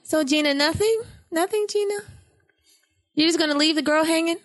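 A woman co-hosting a casual podcast chat, animated and acting out little quotes as she tells stories. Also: moderate pace. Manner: animated, acts out quotes with big pitch jumps. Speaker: podcast co-host.

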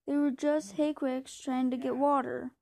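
A woman reading aloud as a male soldier, in low banter. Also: little pitch movement, measured pace, creaky, mellow. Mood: anguished. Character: male soldier on night patrol.

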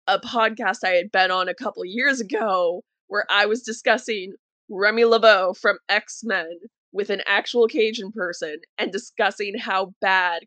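A woman of middling pitch hosts a casual podcast conversation. She talks emphatically and tells stories with animation. Her voice sounds dry and close to the mic. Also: a bit bright, no room sound. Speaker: podcast host. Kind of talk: casual chat.

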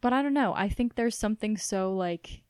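Young woman, faint Midwestern twang, chatty, lots of "like", dry close mic, mid pitch. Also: moderate pace, clean tone, no echo. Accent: faint Southern Midwestern twang. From Missouri. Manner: chatty, many fillers, animated. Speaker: podcast co-host. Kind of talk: casual chat.

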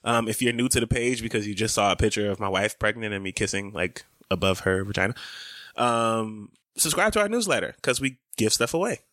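A playful man co-hosting a casual podcast, joking and easygoing. His voice is bright and forward, recorded dry and close. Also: fairly low pitch, animated, a little fast, no room sound. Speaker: podcast co-host. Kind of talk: casual chat.

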